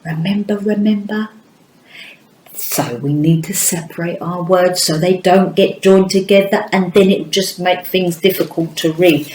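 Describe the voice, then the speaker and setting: A woman teaching a phonics lesson to young children, with a slow, sing-song teacher voice that stretches out each sound. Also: lowish voice, steady tone, a little mellow, reverberant, rough recording. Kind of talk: early-years phonics lesson.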